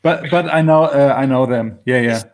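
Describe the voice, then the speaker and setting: A man's voice: mid-range voice, moderate pace, a crowd in the background. A non-native English-speaking man chatting as a guest, hesitant, searching for words and laughing often. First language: not English. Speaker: guest YouTuber. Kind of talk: casual video-call chat.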